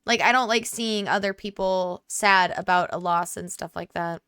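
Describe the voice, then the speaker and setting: A woman's voice: fairly low pitch, moderate pace, a bit bright, clean tone, no echo. A young woman playing a story game, reading its messages aloud and chatting between them in a talkative way full of "like" fillers. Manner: chatty, many 'like' fillers, empathetic. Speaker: gaming YouTuber. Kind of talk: let's play commentary, reading game texts aloud.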